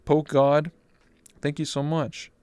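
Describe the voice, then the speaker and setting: A man in his twenties chatting casually on a livestream, excitable and swearing freely. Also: on the high side, takes it slowly, smooth, no room sound. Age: 20s. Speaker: VR chat streamer.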